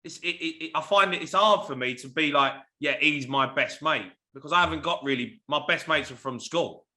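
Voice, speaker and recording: A man's voice: a little high, fairly quick, bright, forceful tone. A man, a former footballer, chatting bluntly with laddish banter and swearing. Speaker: former footballer, podcast guest. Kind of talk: casual chat.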